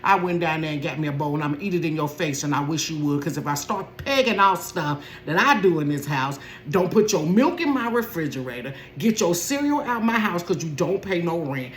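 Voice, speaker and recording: A woman in her forties telling a comedic story in a sassy, animated way, laughing often. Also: low voice, brisk, hardly any pauses, slight background noise. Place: bedroom. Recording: roomy bedroom echo.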